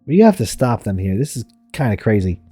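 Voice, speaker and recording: A man streaming a strategy game, reading its text aloud and reacting in an excitable, jokey way. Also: lowish voice, a little fast, husky, soft background music. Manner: excitable, jokey, laughing often.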